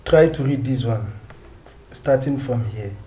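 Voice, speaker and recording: A man's voice: mid-range voice, a little slow, dark tone. A man from Nigeria teaching a video lesson, patiently repeating each sound and asking the viewer questions. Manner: asks the viewer questions and answers them. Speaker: French teacher.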